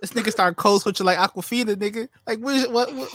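A man's voice: sits high, quick pace. A man co-hosting a podcast, ranting in casual chat with frequent laughter. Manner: animated, laughing, exasperated ranting. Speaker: podcast co-host.

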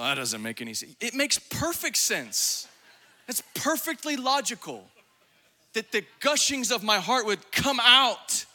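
A man preaching a fiery, exuberant sermon, at times shouting and laughing. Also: very high-pitched. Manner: acts out quoted voices in his preaching.

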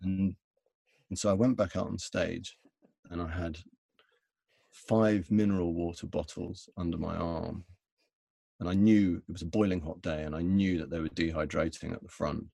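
Man, middle-aged, deep gravelly voice, husky, dry close sound, animated storyteller. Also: normal speed, no echo. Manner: animated anecdote-telling with frequent restarts and laughter. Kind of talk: conversational storytelling.

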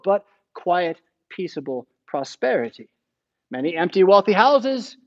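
A man's voice: sits high, lo-fi sound. An American man preaching a sermon in a church, retelling the story casually and acting out the quotes.

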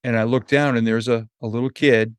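Animated storytelling man, dry sound. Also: medium pitch, fairly quick, clear, resonant tone, no echo. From New Hampshire. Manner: animated storyteller who acts out quoted voices. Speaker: motivational speaker and coach. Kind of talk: storytelling in a podcast interview.

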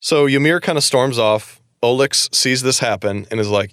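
A man's voice: mid-range voice, normal speed, a bit bright, no room sound, studio quality. A man co-hosting a podcast, recapping a book in casual chat; he rambles, laughs and swears casually.

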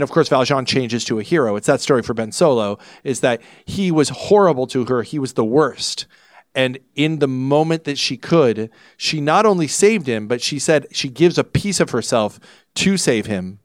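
A man's voice: on the high side, measured pace, no room sound, clean studio sound. A man hosting a casual film review podcast, rambling with many restarts. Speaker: podcast host.

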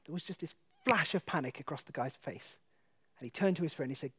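A man tells a personal story of faith to an audience, lively and laughing often, then hushed in the tense parts. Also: on the high side, fairly quick, slightly rough. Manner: animated storyteller who laughs often and drops to a hush for tense moments. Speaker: guest speaker. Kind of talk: personal testimony told to an audience.

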